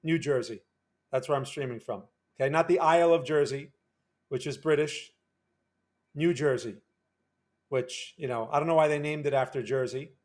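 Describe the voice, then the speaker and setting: Guy talking through his day trades live, chatty, keeps saying "right?", voice on the higher side. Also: a little mellow. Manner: chatty, repeats words and tags "right?". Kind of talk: casual live-stream commentary.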